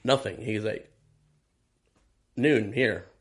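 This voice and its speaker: Speaking slowly at a medium pitch, this guest, a man who tours and does session work as a drummer, shares stories in a relaxed interview. He's animated and curses freely, performing the lines people said to him.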